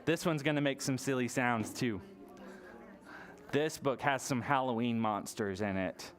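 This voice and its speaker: A library storytime leader reading a picture book aloud to toddlers, playful and animated, with gasps and silly sounds. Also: mid-range voice, moderate pace, soft background music. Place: public library storytime session.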